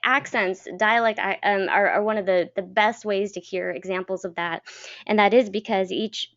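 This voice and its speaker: A woman coaching a voice acting class, talking in a chatty, clear-toned way with lots of fillers. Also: mid-range voice, fairly even intonation, moderate pace, fairly bright tone. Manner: chatty, laughs often, many fillers. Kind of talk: teaching a class. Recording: dull lo-fi recording.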